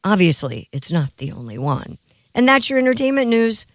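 A woman's voice: medium pitch, sing-song, normal speed, no room sound. A woman reading an entertainment news segment on a radio show, slipping in wry asides.

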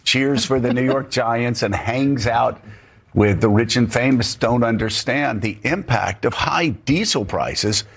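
A man's voice: medium pitch, a little slow, gravelly, slightly rough. A male talk show host arguing politics with sarcastic emphasis.

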